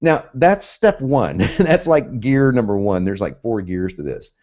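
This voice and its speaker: This copywriting teacher speaks at a measured pace, his voice on the low side, sing-song and a little mellow. He keeps the lesson casual and chatty, laughing a lot and performing the lines he quotes, all on a dull lo-fi recording.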